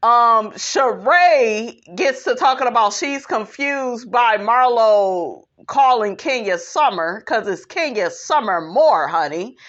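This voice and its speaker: A woman with a fairly high voice talks slowly and sassily through a show recap, full of opinions and asides. The recording sounds dull and lo-fi. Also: animated, a bit bright. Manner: sassy, opinionated, calls viewers honey and child. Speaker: reality show recap vlogger. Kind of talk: sassy recap commentary.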